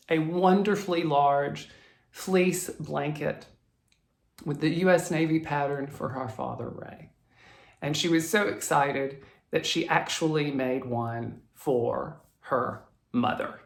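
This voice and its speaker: A flosstube host telling a viewer's story in a chatty, animated way and reading from viewer emails. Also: mid-range voice. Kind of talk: casual storytelling vlog. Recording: roomy echo.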